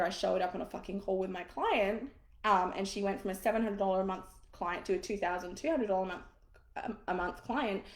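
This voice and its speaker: Echoey woman business coach. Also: medium pitch. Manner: casual, frank and encouraging, swears now and then. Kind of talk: live online masterclass.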